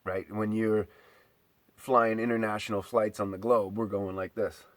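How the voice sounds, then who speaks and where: A man's voice: fairly low pitch, level tone, unhurried, no room sound. A man delivering an exasperated, profane ranting monologue, mocking his listeners.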